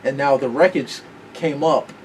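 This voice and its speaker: Recorded on a distant mic with a little room noise, this male podcast host talks at a medium pitch and a slightly slow pace. His casual chat is profane and meandering, with frequent stops while he searches for the right word.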